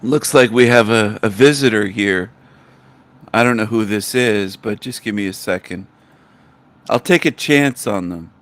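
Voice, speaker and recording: A man's voice: on the low side, measured pace, a bit bright. A man hosting a live stream, blunt and insulting toward callers. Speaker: livestream host.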